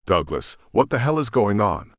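A man's voice: fairly low pitch, big pitch swings, moderate pace, dry recording, studio quality. Man doing a blunt prying friend. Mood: pressing. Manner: blunt, pressing.

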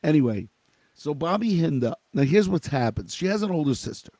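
A man's voice: on the high side, big pitch swings, a little fast, warm tone, no room sound. A middle-aged man hosting a live show, telling a family story in a conversational way and asking his listeners questions. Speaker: host.

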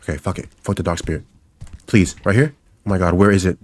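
A man's voice: deep voice, quick pace, darkish tone. A young man giving let's play commentary on a horror game, jumpy and swearing, repeating his phrases over and over as he panics and jokes. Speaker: gaming YouTuber.

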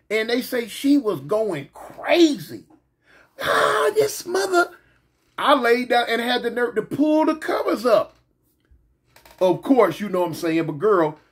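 A man with a husky, fairly high voice tells a funny story in a loose, casual way. He drawls, repeats his lines for effect and speaks right to his listeners. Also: a bit bright.

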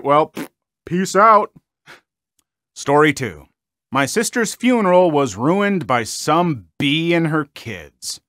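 A man reading internet stories aloud and adding his own lively comments between them, on a close, dry mic. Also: medium pitch, dry recording. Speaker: story reader and commentator.

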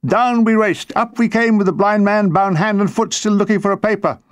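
A man's voice: high-pitched, steady tone, normal speed, no echo. A man reading his own wartime memoir aloud, with a dry comic storytelling manner. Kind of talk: audiobook narration.

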